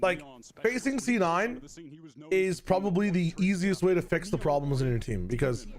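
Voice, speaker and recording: A man's voice: high voice, expressive, moderate pace. A man from Canada hosting a casual watch party, joking and defending his takes. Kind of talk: casual chat over esports stream.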